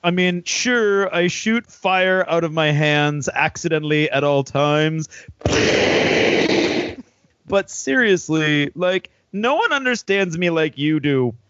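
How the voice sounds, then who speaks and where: A man's voice: a little high, expressive, slow, dull audio, noisy background. A man voicing a dim, fawning young fire knight who gushes over his hero and keeps apologizing, in improvised tabletop role-play. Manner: gushing, sycophantic, apologetic.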